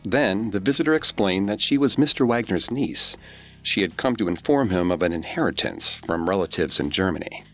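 Male podcast host, very low voice, grave scripted true-crime read over faint music. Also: animated, normal speed, a bit bright.

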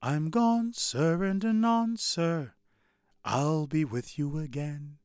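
A mocking jester , put on by a man, with a lilting singsong that climbs high and lingers slowly over the words. The voice is dry and close. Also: huge pitch swings, vocal fry, a bit bright, breathy edge, no echo, exaggerated voice. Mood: teasing. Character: teasing singsong male jester.

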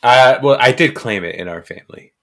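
A man's voice: medium pitch, animated, brisk, sharp tone. A man from North Jersey, a guest on a podcast, chatting casually as an eager, teasing fan who asks questions. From North Jersey, USA. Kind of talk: casual chat.

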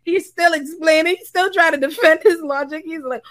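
A Bahamian woman, a lawyer, telling a story in casual chat, animated and profane, with frequent laughter. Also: very high voice, moderate pace, no echo. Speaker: lawyer and panelist.

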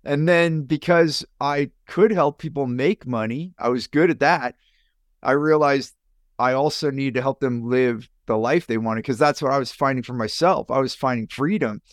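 A middle-aged man, a business coach and podcast guest, telling his life story in an animated way and jumping up in pitch when he acts out other people. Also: moderate pace, no echo, studio quality. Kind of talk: personal storytelling in an interview.

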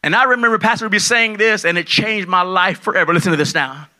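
A man preaching a sermon as pastor, loud and excitable, dropping from shouts to low asides and acting out the people in his stories. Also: fast. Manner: acts out dialogue in his stories. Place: large church hall at a conference.

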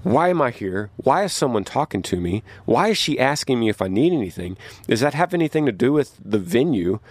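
A man who tours as a musician, telling a story in a casual podcast from his tour bus, getting animated as he recounts his confusion. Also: fairly quick, dry recording. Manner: animated, rises in pitch when recounting confusion. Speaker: touring musician. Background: train passing.

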